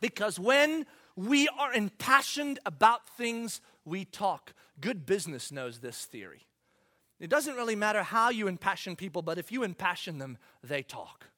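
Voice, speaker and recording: Animated high-voiced male preacher. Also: normal speed. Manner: animated, swings from loud bursts to quiet asides, acts out quotes. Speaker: pastor. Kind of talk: sermon.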